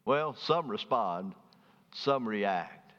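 A man from Alabama with a Southern accent, preaching a sermon in folksy storytelling fashion, swinging between high, loud emphasis and soft, low asides. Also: animated, extremely slow. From Birmingham, Alabama. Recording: dull sound with long reverb.

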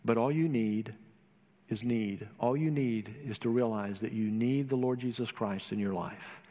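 A man preaching an earnest sermon in a church, his voice building in emphasis and then dropping soft. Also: medium pitch, a little slow, in a large hall, lo-fi sound. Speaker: pastor. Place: church sanctuary.

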